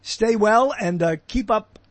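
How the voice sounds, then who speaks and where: A man's voice: sits high, measured pace. An older man hosting an internet radio show, rambling and joking with lots of fillers and restarts. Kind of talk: casual radio show chat. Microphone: boom mic.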